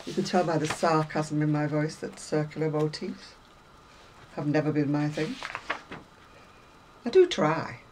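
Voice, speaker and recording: A woman's voice: low-pitched, a little slow, pauses often, darkish tone, slight background noise, rough recording. A woman chatting casually to viewers about craft magazines, rambling and self-deprecating, a little unwell. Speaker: craft vlogger.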